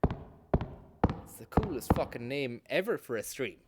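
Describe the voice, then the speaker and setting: A man's voice: medium pitch, very animated, slow pace, very noisy. A man streaming a game, joking, swearing and talking to his chat. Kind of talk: casual live-stream commentary. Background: loud music.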